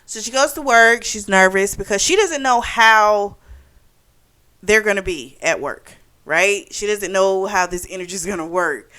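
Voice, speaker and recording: A young woman recaps a novel for her book club channel, chatty and casual with plenty of "like" and "you know". Her mid-range voice is bright and forceful.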